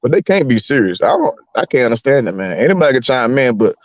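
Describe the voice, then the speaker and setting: A man in casual chat, talking animatedly and laughing, his voice jumping high when he gets worked up. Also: sing-song, fast, no room sound, lo-fi sound.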